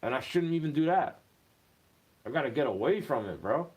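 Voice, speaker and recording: A man's voice: medium pitch, expressive, normal speed, darkish tone, breathy edge. A man delivering a rambling, profane monologue, his voice rising in agitated bursts and then dropping back. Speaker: vlogger. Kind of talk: ranting monologue.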